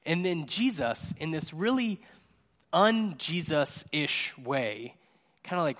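A male pastor preaching in a loose, conversational way, joking as he goes and tagging his points with "right?". His voice sits a little higher than most men's. He speaks into a microphone during a church service. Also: lively intonation, takes it slowly, fairly bright tone. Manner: chatty and jokey, tags lines with "right?". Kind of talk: casual conversational sermon.

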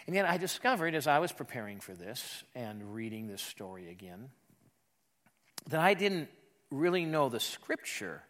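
Bright-voiced male pastor preaching animatedly. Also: mid-range voice. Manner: animated, conversational preaching with emphatic rises. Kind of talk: sermon. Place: church sanctuary.

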